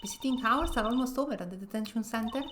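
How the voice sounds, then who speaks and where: A woman voicing a playful teenage girl magician with a bright, teasing manner. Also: a little high, quick pace, slight background noise, close to an everyday voice.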